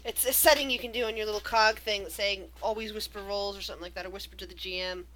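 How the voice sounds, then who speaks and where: Bright-voiced woman game master. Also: medium pitch, steady tone, fast talker, a little hiss or hum, rough recording. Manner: descriptive, eerie storytelling with small restarts. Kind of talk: narrating a tabletop game.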